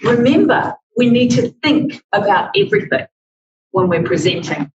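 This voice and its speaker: A woman teaching public speaking in a workshop, speaking in a slow, deliberate, demonstrative way. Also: fairly high pitch, sing-song, darkish tone, slight background noise. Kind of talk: workshop presentation. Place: library meeting room. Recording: echoey, distant, dull audio.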